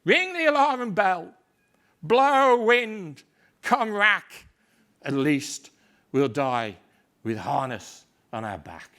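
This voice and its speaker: A man performing Macbeth, a desperate, raging Scottish king, in a dramatic stage recitation that moves from hushed despair to shouting fury. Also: mid-range voice, slow pace, vocal fry. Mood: grim resolve.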